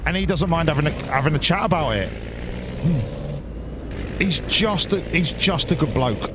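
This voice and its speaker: A man's voice: on the high side, normal speed, background noise. A man streaming a game as a hobby, chatting casually and sweary with his viewers in rambling banter. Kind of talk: casual live-stream chat to viewers while gaming.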